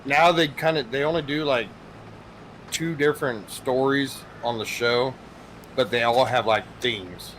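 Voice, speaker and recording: A man's voice: medium pitch, a little slow, a bit bright, slight background noise, rough recording. A man chatting with a friend while gaming, telling stories animatedly and swearing freely. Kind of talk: casual chat while gaming.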